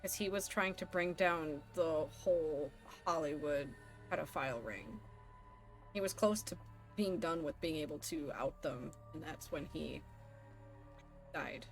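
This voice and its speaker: A young woman streaming a game live, chatty and animated with sudden squeals. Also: sits low, measured pace, faint music behind. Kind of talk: live gameplay commentary.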